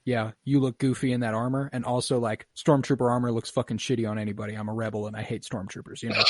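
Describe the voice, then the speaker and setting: A young man hosts a casual podcast and walks through scenes one by one, dropping into short quoted lines as he goes. His voice sits at an ordinary pitch. He is recorded close and dry, with no room sound. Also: dry recording. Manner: relaxed, profane, retells scenes with quick quoted voices. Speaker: podcast host. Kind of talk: casual podcast chat recapping a show.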